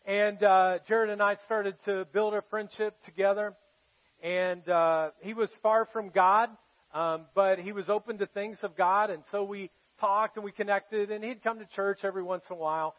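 A male pastor preaching a sermon in a church, telling stories earnestly and going quiet for serious moments. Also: sits high, fairly even intonation, moderate pace. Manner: earnest storytelling, drops soft for serious moments. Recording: dull lo-fi sermon recording.

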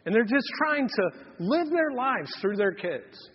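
Male pastor, 30s, high and breathy, folksy sermon storyteller, muffled long-reverb hall. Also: big pitch swings, unhurried. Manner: folksy storytelling with quoted voices. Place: church hall. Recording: dull, reverberant church hall.

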